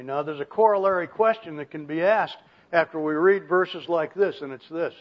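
A man preaching an expository sermon, speaking emphatically and pushing his voice up in pitch and volume to stress key points. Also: moderate pace, muffled recording.

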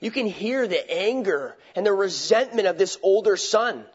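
A man with a notably high voice preaches a sermon, talking it through conversationally. He poses rhetorical questions and often restarts his phrases, and the recording sounds dull and lo-fi. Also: animated, moderate pace, breathy edge.

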